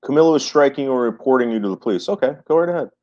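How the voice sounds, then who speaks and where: This livestreamer speaks very fast in a mid-range, darkish voice with lively intonation. Chatting casually, he swears liberally and keeps repeating phrases emphatically, all through muffled lo-fi sound.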